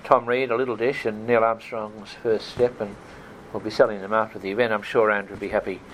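A man hosting an event and moderating questions, asking in a halting, thoughtful way. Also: fairly low pitch, flat delivery, slight background noise, poor audio.

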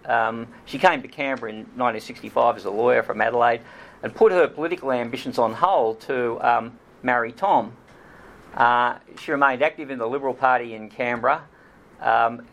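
A man's voice: medium pitch, creaky, fairly bright tone. A middle-aged man, an author giving a talk, telling a story with many ums and restarts.

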